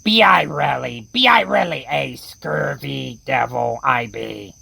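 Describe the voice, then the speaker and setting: A woman voicing a gruff male pirate who growls in pirate talk in a horror comedy radio play. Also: very deep voice, slow, noisy background, full character voice. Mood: mock-offended.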